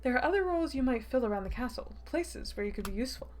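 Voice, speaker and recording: Girl doing a creepy sweet-talking guy, teasing, purring little hmms, a bit higher and louder. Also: expressive, quick pace, heavy background noise. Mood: mock-sweet. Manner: teasing, purring, lilting questions. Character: sadistic mock-sweet male captor, menacing. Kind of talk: reading a visual novel aloud.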